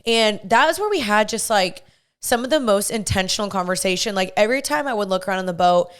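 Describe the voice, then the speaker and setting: A woman's voice: mid-range voice, lively intonation, fast talker, fairly bright tone, clean tone. A young woman hosting a podcast, telling a story in a gushing, chatty way and saying "like" constantly. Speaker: podcast host. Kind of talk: casual storytelling monologue.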